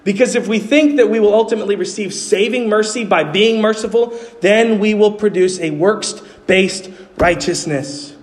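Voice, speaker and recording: A pastor from New York City preaches a sermon in a high voice at normal speed with few pauses, earnestly putting questions to his congregation as he explains. A long hall reverb fills the recording.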